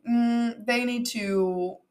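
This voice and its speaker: A woman hosting a solo podcast, earnest and animated, with plenty of "like" and "um". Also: a little high, extremely slow, faint music behind. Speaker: podcast host.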